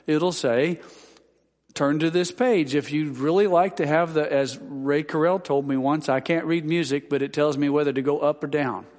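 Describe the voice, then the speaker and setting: A man's voice: a little high, a little mellow. Folksy pastor man in an echoing church. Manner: rambling and homespun, with many fillers and dry humorous asides. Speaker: Baptist pastor. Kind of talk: folksy church announcements to a congregation. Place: large church sanctuary. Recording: long reverb of a church hall.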